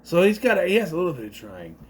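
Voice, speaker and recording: A man's voice: high voice, wildly swooping pitch, very fast, slightly rough. A man giving a casual spoken movie review, rambling with unsure asides and self-corrections.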